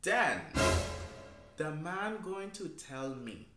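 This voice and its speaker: A man's voice: on the high side, very slow. A young man telling a funny personal story in a vlog, acting out every quote as he goes. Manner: lively storyteller who acts out every quote. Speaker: vlogger. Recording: roomy sound with music behind.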